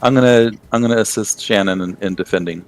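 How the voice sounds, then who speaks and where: A man's voice: lowish voice, fast, clear, resonant tone, faint music behind. A man playing a tabletop game, hesitant, with many fillers and restarts. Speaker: player. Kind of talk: casual tabletop game chat.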